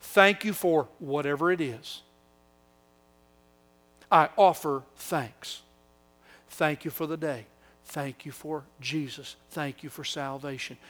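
An older man preaches with a noticeably high voice. He lingers on repeated phrases and drops to a near hush for reverent lines. Then he rises sharply into mocking, whiny impressions. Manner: swings from hushed reverent lines to raised, mocking whiny quotes. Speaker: pastor. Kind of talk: sermon.

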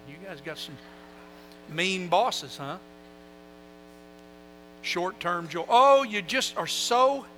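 A man preaching with a high, ringing voice that carries. He moves from loud calls to the congregation down to quiet, confiding asides. Faint music hums underneath. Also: low-quality recording. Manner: animated preaching, swinging from loud calls to soft asides, with call-and-response. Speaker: pastor. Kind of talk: sermon.

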